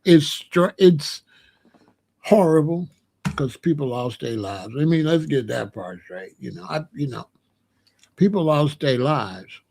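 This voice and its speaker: A man in his sixties hosting a livestream, chatting casually to his live chat in a slow, repetitive, drawling way. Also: a little high, animated, vocal fry, darkish tone, husky. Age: 60s. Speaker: livestream host.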